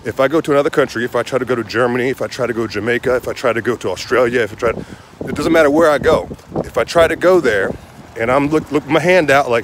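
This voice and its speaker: Fast-talking heated man ranting outdoors. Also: mid-range voice. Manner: heated, rambling, repeats himself, says "man" a lot. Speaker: show host. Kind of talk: outdoor political rant to viewers. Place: outdoors on a windy day. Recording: wind noise outdoors.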